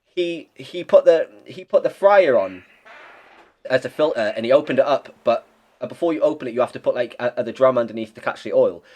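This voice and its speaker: A man's voice: mid-range voice, fairly quick, a little mellow. Young man, podcast guest; blunt, rambling, casual swearing. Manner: rambling, blunt, swears freely, many restarts. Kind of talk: casual chat.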